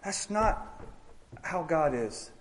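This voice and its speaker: Earnest preacher, higher voice. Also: male voice, expressive, slow, a little hiss or hum. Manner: earnest and conversational, acting out prayers to God with restarts. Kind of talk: sermon.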